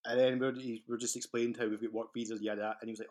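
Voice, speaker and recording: A Scottish-accented man speaks as a podcast guest in casual, rambling chat. He swears freely and laughs through his anecdotes. His voice sits at a middling pitch for a man. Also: little pitch movement, fast talker, a little mellow. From Scotland.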